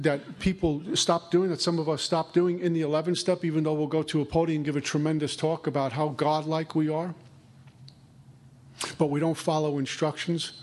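Man, recovery talk, slightly high voice, conversational, acts out inner dialogue. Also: a little mellow. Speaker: recovery speaker.

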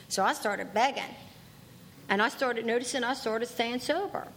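A woman's voice: on the high side, moderate pace, a bit bright, a little hiss or hum. A woman giving a personal testimony at a recovery meeting, earnest and emphatic, repeating key lines for weight. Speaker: speaker sharing at a recovery meeting.

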